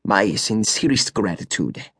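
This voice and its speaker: A formal older sheik with a thick foreign accent, as a male narrator puts him on, speaking low, soft and courteous. His gratitude comes out measured and dignified. The read is dry and close, with no room around it. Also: lively intonation, husky, no echo, full character voice. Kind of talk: audiobook character voice.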